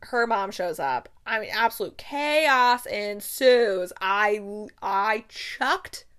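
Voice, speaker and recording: A woman's voice: medium pitch, takes it slowly. A young woman hosting a podcast, gushing casually about books she loves, with bursts of laughter and dramatic retellings. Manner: gushing, excitable, breaks into laughs and acted-out quotes. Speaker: podcast host. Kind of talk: casual book review chat.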